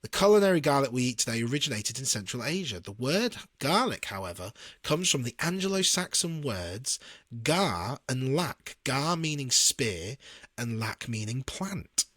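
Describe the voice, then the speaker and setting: A man's voice: medium pitch, very animated, moderate pace, a bit bright, no room sound. British male podcast co-host, chatty and giggly, dry close mic, casual chat. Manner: chatty, laughs often while reading out facts.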